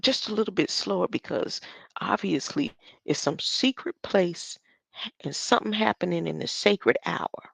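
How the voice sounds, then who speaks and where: A woman's voice: fairly low pitch, expressive, moderate pace, vocal fry, fairly bright tone, no echo. A woman giving conspiratorial commentary on a speech, talking back to it with rhetorical questions. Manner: asks rhetorical questions, talks back to the clip. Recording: dull lo-fi dry recording.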